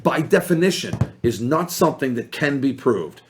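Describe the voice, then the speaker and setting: A man's voice: medium pitch, big pitch swings, normal speed, slight background noise. A man on a podcast making his points in an emphatic, lecturing way. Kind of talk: casual chat.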